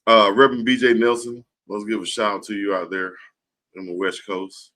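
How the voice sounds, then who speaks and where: A man co-hosting a casual sports talk show, relaxed and agreeable, giving listeners shout-outs. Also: lowish voice, moderate pace. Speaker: co-host.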